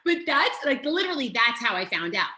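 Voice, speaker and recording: Woman, middle-aged, podcast guest, animated storyteller, bright voice, echoey room. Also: on the high side, a little fast. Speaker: podcast guest, health and life coach. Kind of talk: casual interview storytelling.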